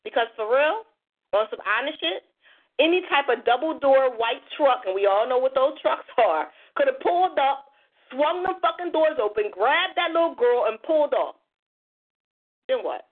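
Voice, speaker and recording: A woman in her forties hosts a casual talk radio chat, telling stories in a blunt, profane, fired-up way. Her voice sits high, and the sound is narrow and tinny, like a phone line. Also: expressive, normal speed. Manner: blunt, profane, impassioned storytelling. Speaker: radio show host.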